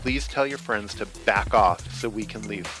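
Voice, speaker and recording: A haughty alien envoy speaks in formal, commanding tones, as a man reads him out. The voice sits fairly low, a figure from a spooky storybook reading with music in the background. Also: moderate pace, fairly bright tone, close to an everyday voice. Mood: indignant.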